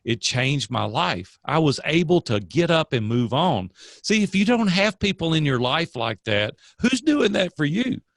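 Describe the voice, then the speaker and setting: A man's voice: a little high, very animated, unhurried, no room sound, clean studio sound. An older man, a coach and guest, telling stories in a casual interview with an earnest, preachy manner.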